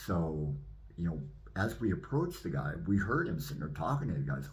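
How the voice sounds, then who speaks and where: A man, a minister, telling his personal testimony in an animated way and acting out the scenes. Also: deep voice, a little fast.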